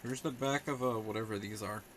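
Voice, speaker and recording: A man's voice: fairly low pitch, a little fast, a little hiss or hum. A young man rambling sarcastically on a casual live stream while he talks back to his chat.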